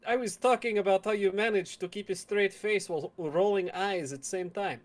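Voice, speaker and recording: A man's voice: high-pitched, normal speed. A man playing a tabletop game who talks in a formal, wry, theatrical way. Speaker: player. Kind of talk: in-character table talk.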